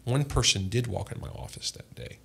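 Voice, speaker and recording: A man's voice: fairly low pitch, sing-song, normal speed, vocal fry, fairly bright tone, husky. A man, a pastor, telling earnest personal testimony in a podcast conversation. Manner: earnest, impassioned storytelling.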